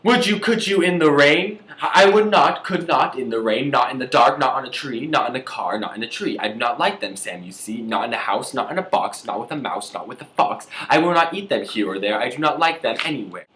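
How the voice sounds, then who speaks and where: A man reading a children's rhyming book aloud in a lively sing-song way. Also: medium pitch, fairly quick, hardly any pauses, echoey room. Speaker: student presenter.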